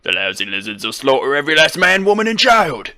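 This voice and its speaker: A man voicing a gruff middle-aged male sky pirate, reading the game's lines aloud in an old-timey pirate growl. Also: on the high side, sing-song, fast, pushed and bright, pitched above the performer's own voice, heavily acted. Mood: grim. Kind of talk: reading game dialogue aloud in voices.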